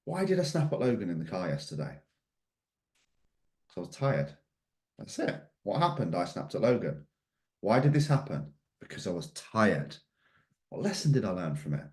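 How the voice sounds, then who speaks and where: A man's voice: sits low, very animated, normal speed, pauses often, a little mellow. A middle-aged man giving a motivational mindset talk, emphatic and fond of repeated questions. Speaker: mindset coach. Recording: echoey room.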